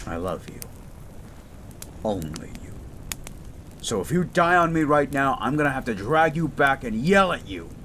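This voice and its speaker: A man playing a gruff but caring young medical student in a romantic audio roleplay, pleading and tender. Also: mid-range voice, sing-song, a little slow, pauses often, a bit bright, a little hiss or hum. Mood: tender worried.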